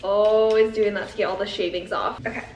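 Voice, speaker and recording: A woman's voice: medium pitch, steady tone, fairly quick, highs cut off. Chatty young woman vlogging, echoey and noisy. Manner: chatty, giggly, talks to viewers as friends. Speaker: lifestyle vlogger. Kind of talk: casual vlog chat to camera. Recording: echoey, off-mic, noisy background.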